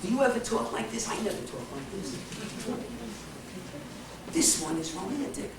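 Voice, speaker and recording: A woman's voice: on the high side, expressive, moderate pace, background noise. A woman preaching a sermon with passion, repeating her phrases and laughing between points. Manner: impassioned, repetitive, laughing asides. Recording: echoey hall from far off.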